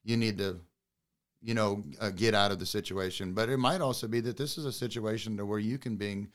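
A man joins a casual faith podcast as a guest and talks about his experiences in an earnest, folksy way. His voice sits somewhat low, and his words tumble out at a brisk clip. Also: steady tone. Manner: earnest, plain-spoken, uses folksy sports comparisons.

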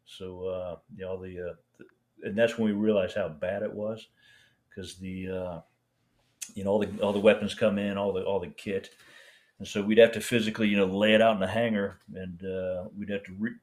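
Older man, low voice, rambling halting storyteller, interview guest. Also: level tone, a little mellow. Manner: rambling, halting, many restarts and fillers. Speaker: veteran guest.

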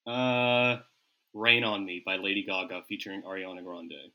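A man playing a comedic tabletop game as a player, joking in a slow, deliberate way. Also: sits low, fairly even intonation, bright, forceful tone.

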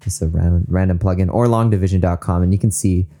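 A young man from Southern California hosts a faith podcast in a lowish, mellow voice. He talks in an eager, upbeat way and laughs often. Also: steady tone, fast talker. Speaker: podcast host. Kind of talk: casual faith podcast talk.

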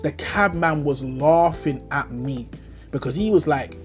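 A man's voice: a little high, measured pace, soft background music. A young man with a London accent hosting a solo podcast, telling a story as an indignant, slang-heavy rant full of rhetorical questions. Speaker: podcast host.

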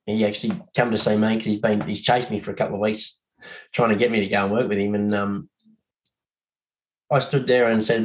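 A man's voice: fairly low pitch, flat delivery, fairly quick, rough recording. A man with an Australian accent, a podcast guest chatting in a laid-back way, laughing easily and swearing. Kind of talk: casual podcast chat.

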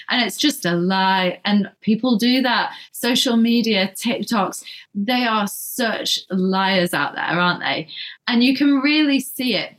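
A woman's voice: medium pitch, fairly bright tone. Chatty young woman. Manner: chatty, quick, self-deprecating, laughs easily. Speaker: guest, yoga and flexibility instructor. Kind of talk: casual podcast conversation.

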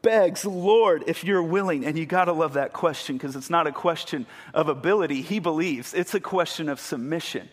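Preacher with a ringing hall echo. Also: male voice, fairly high pitch, a little fast, few pauses. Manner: vivid storytelling, building to emphatic peaks. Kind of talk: sermon. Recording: long hall reverb.

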